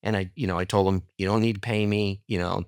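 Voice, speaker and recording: Middle-aged guy, low voice, dry close mic, chatty storyteller who acts out the quotes. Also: steady tone, fast talker, dry recording. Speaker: podcast guest. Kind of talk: casual storytelling.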